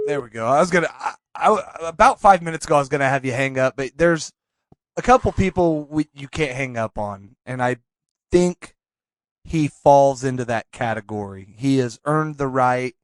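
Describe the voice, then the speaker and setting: A man hosts a loose comedy podcast and talks sincerely, breaking off and restarting his sentences. His pitch sits mid-range for a man. The recording is dry and close. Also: clear, resonant tone, no echo. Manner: earnest, halting, many restarts. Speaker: podcast host. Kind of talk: casual comedic chat.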